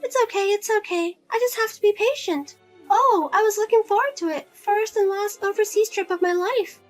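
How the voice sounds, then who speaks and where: A woman's voice: extremely high pitch, moderate pace, soft background music. A woman playing a pushy, self-pitying widowed mother who keeps guilt-tripping her daughter and asking for money, in a narrated drama. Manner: nagging, whiny, guilt-tripping.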